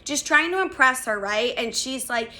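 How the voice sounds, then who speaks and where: Podcast host, young woman, bright and a bit high, casual storyteller who swears and says "like" a lot. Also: moderate pace. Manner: animated, swearing, lots of "like" fillers.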